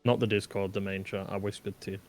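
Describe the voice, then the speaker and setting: A man playing a tabletop game, casual and halting, with quiet asides. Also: lowish voice, flat delivery. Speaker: player.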